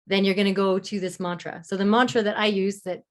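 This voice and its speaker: A woman leads a live online class in a gentle, encouraging way. She drops her voice low and slows down whenever she recites a mantra. Her pitch sits in a middle range. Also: level tone. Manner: gentle, encouraging, speaks mantras softly and slowly. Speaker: love mentor and masterclass host. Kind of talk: live online masterclass teaching.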